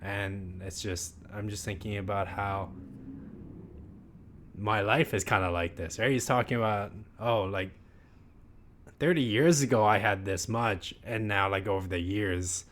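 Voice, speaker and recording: A man in his thirties with a slightly low voice, co-hosting a relaxed podcast. He drifts from point to point and leans on "like" as a constant filler. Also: unhurried. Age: 30s. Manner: rambling, heavy use of filler "like". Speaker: podcast co-host. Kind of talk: casual chat.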